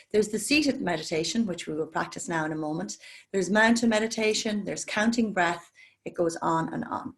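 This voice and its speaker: A woman leading an online mindfulness session, talking gently and slowly through a guided breathing meditation. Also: on the low side. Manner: calm, gentle, slow guiding voice. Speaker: mindfulness instructor. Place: home, online talk. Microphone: video call.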